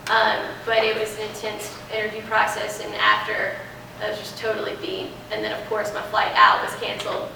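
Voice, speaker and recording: Her mid-range voice is gravelly and a touch fast, with few pauses, as this young woman chats animatedly while answering questions as a classroom guest. The recording is distant and echoey, with slight noise.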